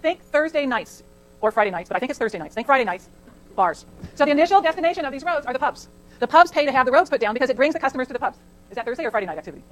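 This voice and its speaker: A woman's voice: sits high, expressive, rapid-fire, poor audio. A middle-aged woman from California giving a chatty classroom lecture, digressing into anecdotes and asking the class questions. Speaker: college lecturer. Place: lecture hall.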